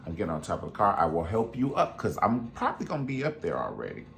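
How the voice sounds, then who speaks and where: Sassy man talking lively, big swings. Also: fast, gravelly, slight background noise. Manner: sassy and animated, jumping into high voices to mimic people; strong cusses and "honey" asides. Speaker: show host. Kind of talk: casual commentary.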